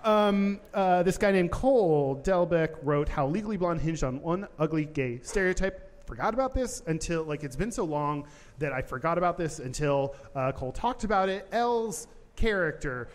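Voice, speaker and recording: A man co-hosting a podcast in front of a live audience, telling a story with lots of energy and jumping into high voices when he quotes people. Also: animated, normal speed, in a large hall. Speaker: podcast co-host. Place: live show on stage.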